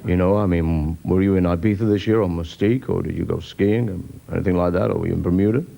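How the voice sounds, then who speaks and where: A man voicing a smarmy adult male wine-bar Romeo with a gravelly, drawling chat-up voice and an oily, pseudo-American manner. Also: sits low, warm tone, pitched below the performer's own voice. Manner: oily, slow, pseudo-American smooth talker. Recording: hissy old TV recording.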